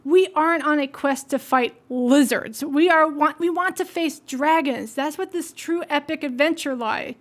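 A woman's voice: high voice, moderate pace, few pauses. A woman hosting a podcast, giving motivational commentary on books and asking listeners earnest questions. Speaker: podcast host.

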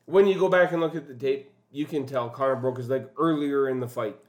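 A man's voice: medium pitch, fairly even intonation, fairly quick. A man co-hosting a casual podcast, blunt and swearing, talking fights with his friends. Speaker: podcast co-host. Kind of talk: casual chat.

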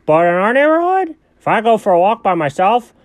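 A man's voice: sits high, brisk, dry recording. Easygoing goofy rich dog, played by a man; bouncy, rambling improv delivery, dry close mic. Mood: bemused. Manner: lively, rambling, bemused. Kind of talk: improvised audio story.

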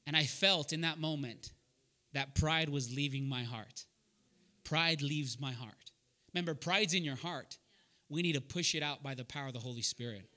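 A preacher leading a young adults Bible study speaks in a sharp, fairly high voice at a moderate pace. He's earnest and direct, sharing personal stories and calling on listeners by name to ask them questions.

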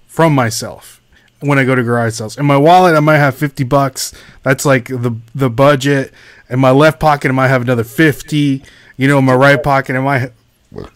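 A man hosts a relaxed livestream, chatting with his co-hosts and reading viewer comments aloud between stories. His voice sits at an ordinary middle pitch. The sound is dry and close, with little room around it. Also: clean tone, no room sound. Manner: reads chat names aloud and greets viewers. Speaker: livestream host. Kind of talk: casual livestream chat.

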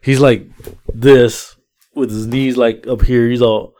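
A mid-pitched man, chatting casually as a podcast co-host. He tells a rideshare story with animated delivery, popping into higher voices for his passengers. The sound is dry and close. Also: takes it slowly, no room sound. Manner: animated, acts out passengers' lines in raised voices.

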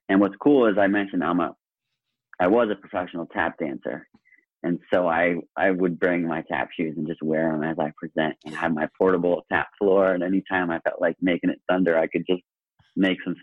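A man's voice: sits low, fairly even intonation, a little fast, breathy edge, no room sound. A man speaking as a podcast guest in casual conversation, earnest and enthusiastic, often restarting his sentences. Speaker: guest, speaker and workshop presenter. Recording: tinny phone-like line.

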